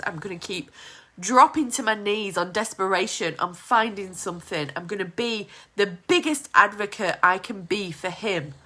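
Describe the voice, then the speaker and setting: A woman in her thirties speaks straight to the camera with a bright, tense edge to her voice. She talks emphatically and with determination, peppering her speech with "you know". She sounds close to tears. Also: mid-range voice. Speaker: vlogger, single mother. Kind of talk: heartfelt casual vlog.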